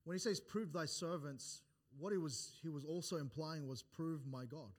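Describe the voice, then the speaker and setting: A man's voice: fairly high pitch, normal speed. A pastor preaching a sermon, building his points with rising emphasis, often restarting phrases and quoting scripture in old-fashioned wording. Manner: restarts and repeated words between points. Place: church.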